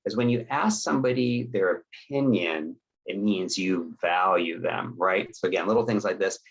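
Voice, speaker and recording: A deep, husky-voiced middle-aged man gives an instructional webinar talk. He speaks conversationally and keeps checking in with his listeners. The audio is dull and lo-fi. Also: moderate pace. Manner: conversational, checks in with "okay?" and acts out sample dialogues. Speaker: webinar presenter.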